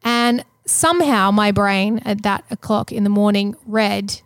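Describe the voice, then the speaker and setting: A woman with a gravelly, creaky edge to her voice tells a personal story in relaxed, chatty conversation. She is animated and self-deprecating and laughs at herself often. The sound is close and dry. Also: medium pitch, unhurried, dry recording.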